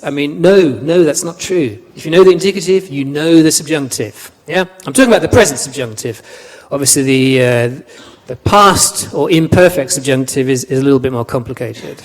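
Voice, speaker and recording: Guy lecturing a class, kinda high voice, chatty, keeps asking the room stuff, hall echo. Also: moderate pace. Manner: chatty, repeats words, asks the class questions. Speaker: language lecturer. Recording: long reverb of a lecture hall.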